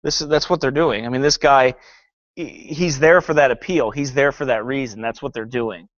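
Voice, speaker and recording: A man's voice: medium pitch, moderate pace, no room sound, muffled recording. A male pastor preaching a sermon that critiques a film, fervent and sarcastic by turns, often reading scripture aloud.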